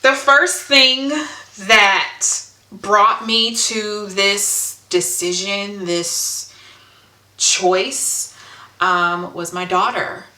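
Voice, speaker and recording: A woman's voice: mid-range voice, fairly even intonation, very slow, sharp tone. A woman telling an emotional story in a casual vlog, earnest and full of ums as she checks her notes. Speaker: hair vlogger. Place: indoor room at home. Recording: echoey room.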